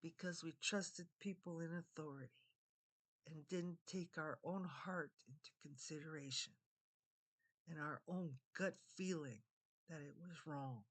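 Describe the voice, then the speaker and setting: A woman's voice: low-pitched, a little slow. An older woman speaking a heartfelt monologue to camera as a vlogger, earnest and meandering, often circling back and repeating her phrases.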